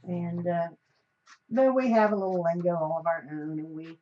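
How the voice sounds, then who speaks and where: A woman's voice: on the low side, expressive, normal speed. A chatty woman from the United States hosts a live stream as she crafts. She rambles and often drops a sentence halfway to start another. The recording is slightly dull, with a faint hiss underneath.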